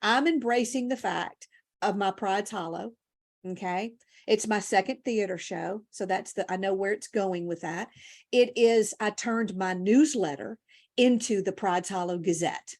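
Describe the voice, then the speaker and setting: Here a woman talks a little slowly in a mid-range voice, narrating her own life in a conversational interview. A keynote speaker and guest, she is animated and sometimes emotional as she tells it.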